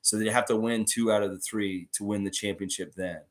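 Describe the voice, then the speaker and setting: A man's voice: fairly low pitch, fairly even intonation, brisk. A man hosting a casual fan livestream, reading out viewer comments and rambling through a story with lots of filler words. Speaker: sports fan livestream host.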